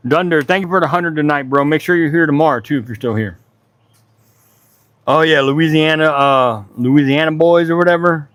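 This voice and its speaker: A man's voice: on the high side, normal speed, fairly bright tone, dry recording. A middle-aged man hosting a woodworking livestream from his home workshop. He chats casually and rambles, greeting viewers by name. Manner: laid-back, rambling, talks to chat by name.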